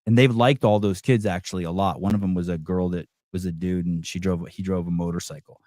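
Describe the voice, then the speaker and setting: A man's voice: low voice, steady tone, fairly quick, darkish tone, dry recording, clean studio sound. A middle-aged man hosting a podcast, talking casually and bluntly with many restarts and fillers. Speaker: podcast host. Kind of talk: casual chat.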